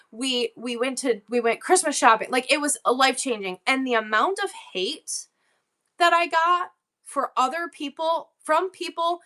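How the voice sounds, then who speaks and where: A woman's voice: high voice, sharp tone. A middle-aged woman hosting a livestream sale, talking in a worked-up, rambling and emotional way. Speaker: livestream seller. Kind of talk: casual livestream chat.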